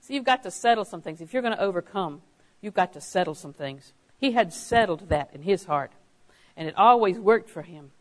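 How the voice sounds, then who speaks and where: A woman's voice: on the low side, animated, brisk, low-quality recording. A woman preaching a sermon, stressing key phrases by repeating them and telling anecdotes with a chuckle.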